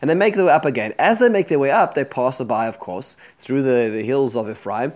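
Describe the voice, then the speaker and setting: A man's voice: mid-range voice, a little fast. Man animatedly retelling a Bible story. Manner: animated storytelling with frequent restarts. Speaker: Bible teacher.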